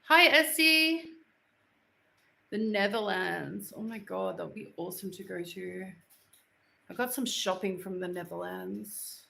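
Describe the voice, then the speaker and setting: An Australian woman's gravelly, sharp-toned voice sits at medium pitch, and she talks unhurriedly. As a livestream host at home, she jokes with viewers in slang while walking into the kitchen. The sound is that of a roomy home recording.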